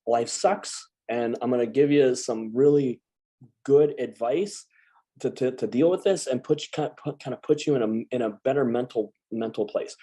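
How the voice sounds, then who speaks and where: A man in his thirties talks through a personal story in loose, casual conversation. He stumbles and restarts often, yet keeps up an animated energy. His voice has a dark, mellow tone. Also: mid-range voice, normal speed, slightly rough. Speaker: guest, Marine veteran. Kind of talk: casual chat.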